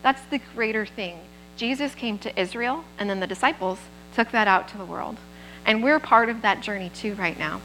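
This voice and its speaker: A woman's voice: medium pitch, normal speed, bright, forceful tone, low-quality recording. A woman gives a sermon at a church service, talking into a microphone. Her voice sits in a middle range, and she keeps it plain and conversational. She often stops to check in with the people listening. A faint hum runs underneath. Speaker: preacher.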